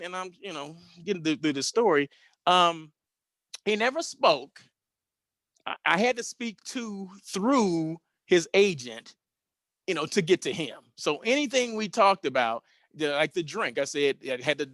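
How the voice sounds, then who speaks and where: Telling a story from his own life, this fifty-something show host stays relaxed and lively, often tossing in tag questions. His voice is a little high, and there's no echo.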